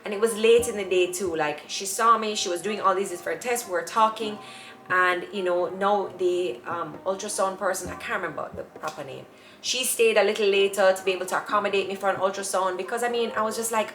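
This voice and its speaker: A young Jamaican woman telling her own story in a chatty, animated way, acting out the voices of people she quotes. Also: medium pitch, brisk, slight background noise. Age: young adult. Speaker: vlogger. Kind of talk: casual personal storytelling. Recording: echoey room with faint music.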